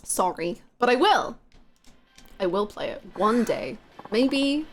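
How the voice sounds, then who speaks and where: A young woman chats with her stream audience as she plays, her voice sitting a touch on the high side. She giggles often and swears casually. Soft game music runs underneath. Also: expressive, slow pace. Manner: chatty, laughs often, swears casually, talks to chat. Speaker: live streamer playing a video game. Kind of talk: casual gaming stream chat.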